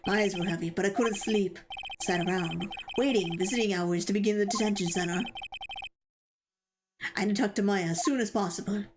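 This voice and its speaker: A woman's voice: mid-range voice, fairly quick, noisy background, natural voice. A woman voicing the anxious inner narration of a young male defense lawyer, full of nervous, self-doubting asides.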